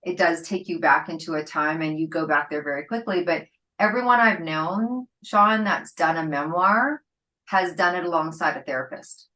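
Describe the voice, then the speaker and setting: Woman, podcast host, lower voice, reflective, casual interview. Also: normal speed, sharp tone, distant mic, rough recording. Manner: reflective, asks for agreement with "right?".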